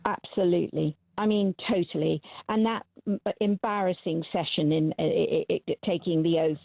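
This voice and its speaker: A woman's voice: fairly low pitch, fairly even intonation, moderate pace, vocal fry, no room sound. Rambling woman caller on a phone line. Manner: hesitant, rambling, many restarts. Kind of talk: phone-in call. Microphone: telephone.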